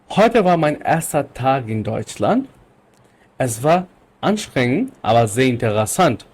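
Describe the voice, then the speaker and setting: A man teaching German vocabulary in English, explaining patiently and repeating phrases slowly. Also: medium pitch, a little mellow, breathy edge. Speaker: language teacher.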